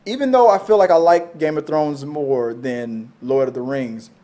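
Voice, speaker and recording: A man hosting a casual movie chat show, rambling and animated, swearing freely. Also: fairly high pitch, normal speed. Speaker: podcast host.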